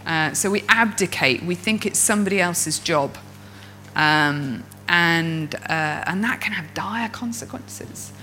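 This coach and speaker addresses fellow coaches slowly in a lowish voice. She tells stories expressively and acts out the inner voices of her characters. The audio is poor, with slight background noise.

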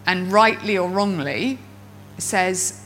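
A woman's voice: on the low side, slow, slight background noise, rough recording. A woman coach giving a talk to fellow coaches, telling stories expressively and acting out inner voices. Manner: expressive storyteller who acts out inner voices. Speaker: coach and speaker. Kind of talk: presentation to an audience of coaches.

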